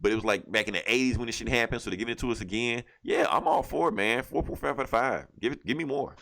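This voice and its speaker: This man has a mid-range, sing-song, gravelly voice that's a bit bright, and he talks fast. Co-hosting a casual comic book review podcast, he animatedly retells a comic plot and acts out the characters' lines with plenty of cursing.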